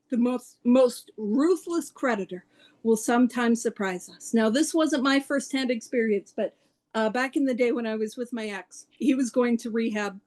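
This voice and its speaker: A woman talking casually about recovery to a meeting, laughing often and poking fun at herself. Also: a little high. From Canada. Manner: laughs often, animated and self-mocking. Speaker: speaker at a twelve-step study meeting.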